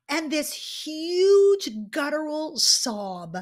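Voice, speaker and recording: A woman guest and keynote speaker telling a story in an interview, animated and dramatic, swinging between loud and hushed delivery. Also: a little high, slow, hardly any pauses.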